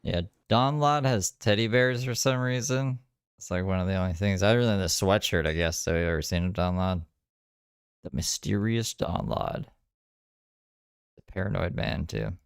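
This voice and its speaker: A man's voice: low-pitched, moderate pace, vocal fry, clean tone, no echo, studio quality. A man casually reacting to and commenting on a livestream, rambling and joking.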